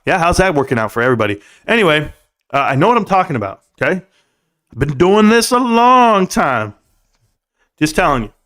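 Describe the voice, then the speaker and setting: High-voiced hype guy on a late nite stock stream, cocky, swears a lot, sings bits out loud. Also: sing-song, a little fast. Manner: brash, boastful trash talk with swearing; bursts into singing and shouting. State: out of breath. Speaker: stock livestream host. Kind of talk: hyped late-night stock talk livestream.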